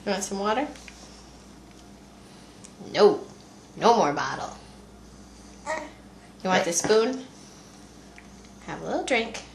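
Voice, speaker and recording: A mother softly coaxing her baby through a feeding, speaking in gentle baby talk on a home video. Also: medium pitch, expressive, takes it slowly, gravelly, pauses often, slight background noise. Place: room at home. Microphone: home video camera. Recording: echoey home video room.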